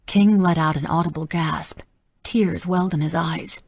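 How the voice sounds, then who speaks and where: A woman narrating a romance audiobook softly and intimately. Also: fairly low pitch, steady tone, normal speed, breathy edge, dry recording. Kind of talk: scripted narration.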